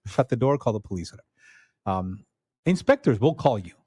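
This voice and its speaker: A man talks quickly and steadily on a radio show, a guest official explaining procedures step by step. His voice is close and dry on a studio microphone, with no room sound around it. His manner stays practical and advisory. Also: fairly low pitch, sing-song, darkish tone, breathy edge, no room sound. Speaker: disaster agency official, guest. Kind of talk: casual radio interview.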